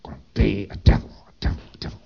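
A man's voice: expressive, normal speed, dull audio, noisy background. A man acting out a brooding lost spirit that mutters and whispers to itself about a new goal. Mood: muttering. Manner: low, hushed muttering, sometimes whispered.

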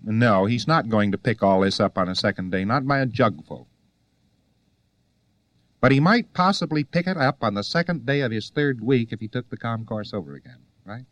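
A man's voice: mid-range voice, moderate pace, dry recording. Wry male lecturer, dry sound. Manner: conversational, rhetorical questions, wry asides. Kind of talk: recorded lecture to students.

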